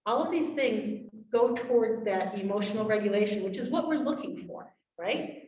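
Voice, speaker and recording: Woman workshop presenter, animated, heard from afar in an echoey meeting room. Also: mid-range voice, normal speed. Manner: animated, acts out parent and child quotes. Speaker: presenter on trauma for parents. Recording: roomy, from far off.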